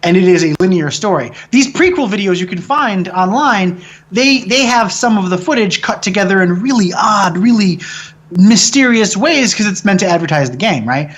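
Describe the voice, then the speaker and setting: A man, a film director, telling stories in a casual interview, excitable and cursing freely as he jokes. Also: high voice, moderate pace. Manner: excitable, swears freely, jokey storytelling.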